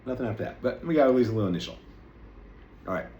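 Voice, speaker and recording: A man's voice: medium pitch, lively intonation, very fast, mellow, muffled recording. A man talking casually to his camera as he tastes snacks, rambling and chatty, poking fun at himself. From United States. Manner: rambling, chatty, self-deprecating. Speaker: vlogger. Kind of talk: casual food-tasting chat. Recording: echoey room with faint noise.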